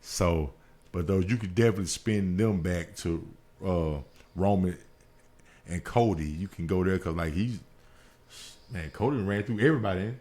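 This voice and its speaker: A man's voice: low-pitched, moderate pace, darkish tone. A man guesting on a podcast, talking casually and loosely about wrestling. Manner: laid-back, brief agreeing responses.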